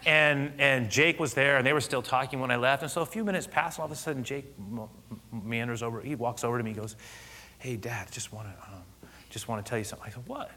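Bright-voiced male pastor telling a story. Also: medium pitch, quick pace. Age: middle-aged. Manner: animated storyteller, laughing and loud at punchlines. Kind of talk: sermon with personal story.

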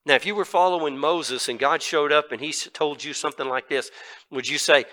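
A man's voice: fairly high pitch, fairly quick, bright, forceful tone, rough recording. A middle-aged male pastor preaching a sermon in a folksy, conversational way, with fillers and asides.

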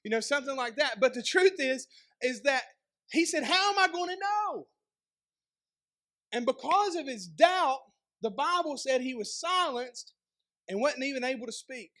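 Man, pastor, East Tennessee accent, very high voice, chatty sermon, rhetorical questions, joking asides. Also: expressive, normal speed, fairly bright tone. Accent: Southern US, East Tennessee.

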